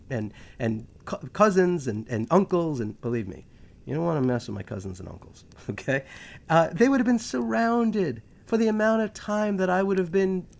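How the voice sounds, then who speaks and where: Host type: gravelly New York man with a slightly high voice, riffing sarcastically and wandering off topic. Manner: animated, digressive, sarcastic asides. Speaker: podcast host. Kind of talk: casual monologue.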